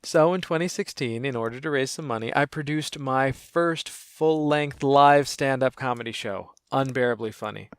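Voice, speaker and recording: A man making a wry, self-mocking crowdfunding pitch, speaking in a deadpan way about his comedy business. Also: moderate pace, few pauses, smooth, no echo, studio quality. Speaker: comedian and small business owner.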